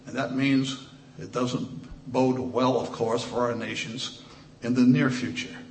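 A man preaching a sermon, reading scripture slowly and emphatically, with quick asides full of restarts. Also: mid-range voice, fairly even intonation, roomy sound, a little hiss or hum.

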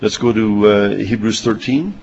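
A man's voice: on the low side, moderate pace, darkish tone, dull audio, slight background noise. An older man preaching a sermon, reading scripture and telling folksy childhood anecdotes with chuckles.

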